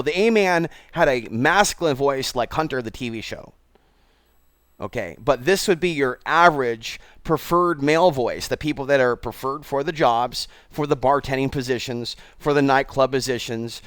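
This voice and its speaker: A man's voice: mid-range voice, normal speed, fairly bright tone, no room sound, clean studio sound. A man hosting his own channel, talking bluntly and digressively straight to his viewers. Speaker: channel host. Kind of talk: rambling commentary.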